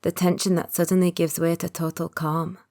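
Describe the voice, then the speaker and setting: A reserved man in his early thirties, guarded and soft-spoken in an audiobook romance, as a woman narrator reads him. The voice sits low and is steady, without theatrics. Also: lightly acted. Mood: quiet, earnest. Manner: quiet, guarded, opens up slowly. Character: reserved thirty-one-year-old man, secret agent. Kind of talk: audiobook character voice.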